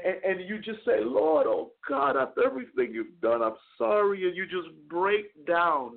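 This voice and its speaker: Impassioned preaching man on a phone line. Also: on the high side. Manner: impassioned preaching, stammering repeats, acted prayers to the Lord. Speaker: radio talk show host and chaplain. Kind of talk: radio sermon.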